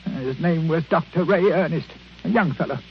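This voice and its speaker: A man's voice: on the high side, brisk, natural voice. An actor playing a self-pitying, miserly old man who grumbles and whines, in 1940s radio acting style. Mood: whining. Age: older. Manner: whining, grumbling. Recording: dull old radio recording, faint hiss.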